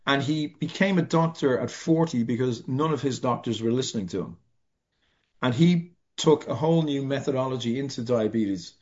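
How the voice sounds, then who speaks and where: Middle-aged Irish man, mid-pitched, reflective storyteller with wry humor; slightly dull lo-fi recording. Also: a little mellow. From Ireland. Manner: reflective, halting, self-deprecating humor. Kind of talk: personal story in conversation.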